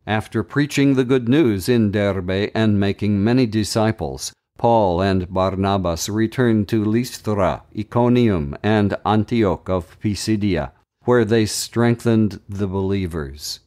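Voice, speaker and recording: Slow, low-voiced man reading scripture. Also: a little mellow. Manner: measured, deliberate reading. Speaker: Bible reading podcast host.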